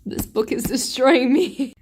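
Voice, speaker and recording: A woman's voice: high-pitched, measured pace, darkish tone, a little hiss or hum. A young woman book vlogger in a casual, emotional reaction vlog, gushing and swearing freely.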